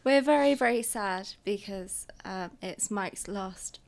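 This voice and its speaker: A woman hosts a casual podcast, introducing clips in a teasing, affectionate way. Her voice sits at an ordinary middle pitch. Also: slow pace, creaky. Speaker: podcast host.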